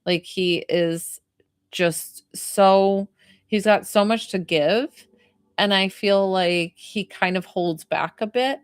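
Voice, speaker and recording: A woman's voice: medium pitch, slow, clean tone, no room sound, studio quality. A young woman giving a live psychic reading, talking in a rambling, hesitant way full of fillers like "like" and "um.". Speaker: psychic medium.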